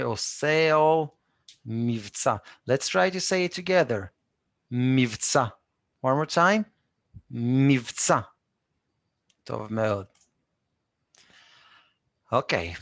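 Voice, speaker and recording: An Israeli man leads a live online language lesson, speaking slowly and repeating each word with patience. His voice has a gravelly edge at a middle pitch, and the sound is dry and close to the mic. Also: no room sound. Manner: patient, repeats words slowly, answers students by name. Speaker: Hebrew teacher.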